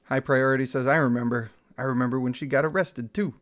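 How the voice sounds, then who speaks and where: A man's voice: medium pitch, steady tone, fast, a bit bright. A man in his thirties chatting casually on a livestream, reading out chat messages and laughing often. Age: 30s.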